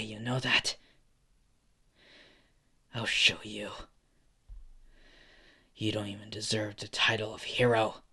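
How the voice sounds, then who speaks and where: Brief: a man playing a young teen boy hero, protective and defiant, strained and breathless, in a slow fan story read. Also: mid-range voice, gravelly, bright, forceful tone, breathy edge, heavily acted.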